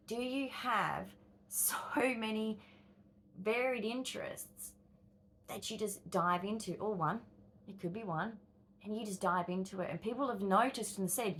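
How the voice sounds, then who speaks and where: Animated Australian woman in her fifties. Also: mid-range voice, normal speed, a little hiss or hum. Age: 50s. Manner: animated, acts out inner voices with sighs and exclamations. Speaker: vlogger. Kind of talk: direct-to-camera vlog monologue.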